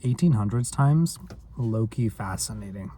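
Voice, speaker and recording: A man's voice: lowish voice, lively intonation, measured pace, mellow. A man vlogging in a rambling, self-deprecating casual chat, full of filler words.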